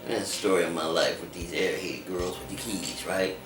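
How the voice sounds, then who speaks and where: A man telling his life story in an interview, animated and acting out other people's voices as he talks. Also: sits low, a little fast. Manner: animated, acts out voices in quotes. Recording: echoey room, distant mic, music behind.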